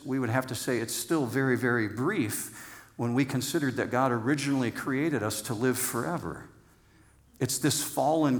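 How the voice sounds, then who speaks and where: A middle-aged man preaching a sermon in a relaxed, conversational way, teasing the congregation and repeating words for emphasis. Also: medium pitch. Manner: repeats words for emphasis, slows down on key phrases. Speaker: pastor.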